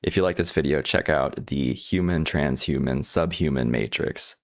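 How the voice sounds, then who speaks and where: A man with an extremely deep, gravelly voice gives an earnest explanatory monologue. He repeats words now and then as he searches for the right phrasing. The recording is dry and close. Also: normal speed, no echo. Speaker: video creator explaining his own chart.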